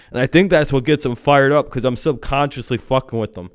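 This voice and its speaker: A man's voice: medium pitch, dry recording, clean studio sound. A man hosting a live stream, chatting casually in a profane, laid-back, rambling way.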